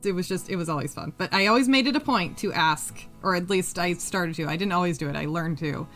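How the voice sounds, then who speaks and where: A woman chats her way through a live craft stream, rambling from one thing to the next. She hums little tunes under her breath and swears without a second thought. Faint music plays quietly behind her. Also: lowish voice, fast talker. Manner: rambling and chatty, hums to herself, swears freely. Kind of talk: casual chat while crafting on a live stream.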